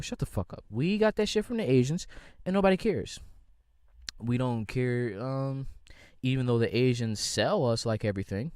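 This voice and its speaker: A man's voice: medium pitch, animated, moderate pace, darkish tone, clean tone, dry recording, clean studio sound. A young man from the United States hosting a podcast, ranting in a casual, rambling, slangy way with lots of swearing. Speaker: podcast host. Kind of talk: casual solo rant.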